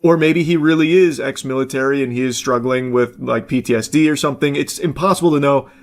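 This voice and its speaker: A man's voice: mid-range voice, fast talker. A man giving blunt, casual reaction commentary, talking loosely with plenty of fillers.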